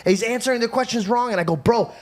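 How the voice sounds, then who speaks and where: A podcast host telling a story in animated, casual chat, excitable and swearing, acting out both sides of an argument. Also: male voice, extremely high pitch, very fast.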